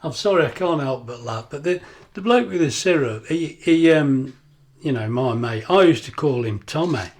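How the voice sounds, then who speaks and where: A man's voice: on the high side, lively intonation, moderate pace. An older man, chatting casually in a home kitchen cooking vlog, rambling into laughing anecdotes. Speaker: cooking vlogger.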